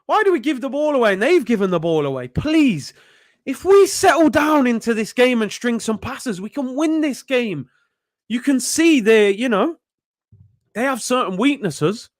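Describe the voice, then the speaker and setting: A young man hosting a live football watchalong, reacting excitedly and yelling at the players. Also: very high-pitched, moderate pace. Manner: excitable, shouting at players, frequent outbursts. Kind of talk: live match reaction commentary.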